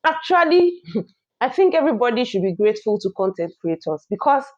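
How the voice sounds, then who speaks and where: A woman's voice: on the high side, sing-song, fairly quick. A woman with a Nigerian accent, a vlogger, opening her channel with chatty, opinionated commentary. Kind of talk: reaction commentary. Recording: dull lo-fi recording.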